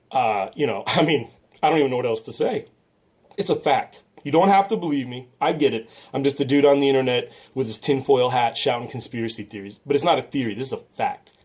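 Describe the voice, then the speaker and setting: A man's voice: medium pitch, darkish tone. A man venting in a casual vlog about a collectible he says was damaged, frustrated and ranting, with sarcastic asides. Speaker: comic book collector vlogger.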